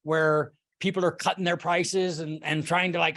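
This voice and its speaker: A man's voice: fairly high pitch, level tone, a little fast, a bit bright. A man leading a casual sales team call, retelling a client exchange and coaching, candid and swearing freely.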